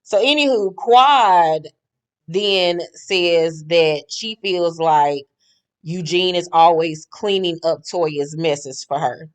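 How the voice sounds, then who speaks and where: A woman's voice: lowish voice, slow, clear, resonant tone. Sassy, blunt woman recapping reality TV. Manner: sassy, blunt, profane, gossipy. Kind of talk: casual recap commentary.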